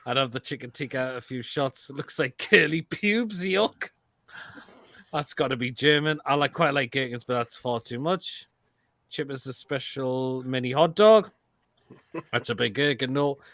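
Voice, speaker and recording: A man's voice: mid-range voice, moderate pace, fairly bright tone, dry recording. Crude, laughing man. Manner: crude, laughing, blunt verdicts. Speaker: host reacting to viewer food photos. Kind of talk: casual live-stream chat.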